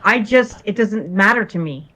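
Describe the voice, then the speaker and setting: A woman's voice: mid-range voice, expressive, normal speed, bright, forceful tone, rough recording. A woman from Toronto chatting as co-host in a live stream, talking bluntly and emphatically and swearing freely. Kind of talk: casual chat.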